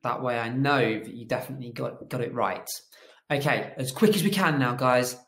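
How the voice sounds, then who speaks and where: A man's voice: mid-range voice, fairly quick, a bit bright, reverberant. A man teaching a children's phonics lesson, encouraging and asking them to repeat after him.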